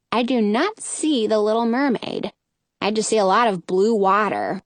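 A woman narrating a first-person children's story in an expressive, lively reading voice. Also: mid-range voice, normal speed, no echo. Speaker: audiobook narrator.

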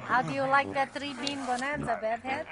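A woman's voice: high-pitched, steady tone, moderate pace, over a noisy crowd, natural voice. A woman voicing a cheerful, bossy old grandmother clown in a cartoon, with old-country interjections. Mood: excited.

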